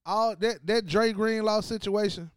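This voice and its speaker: A man with a high, smooth voice rants about a game in a casual, profane, trash-talking style. He drops low and flat to read off stats, then jumps loud and excited, hammering the same phrase over and over. The sound is dry and close to the mic. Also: unhurried, dry recording. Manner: swings between low stat-reading and loud excited outbursts. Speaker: sports podcast host. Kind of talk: animated casual sports rant.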